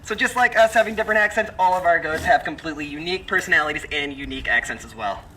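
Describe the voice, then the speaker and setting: A man presenting at the zoo in a live talk, energetic and jokey. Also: fairly high pitch, rapid-fire, recorded from a distance, a little hiss or hum, poor audio.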